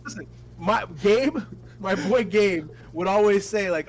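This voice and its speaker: A man telling crude, animated stories full of cursing in a casual podcast chat. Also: high voice, moderate pace, rough recording. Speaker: podcast co-host.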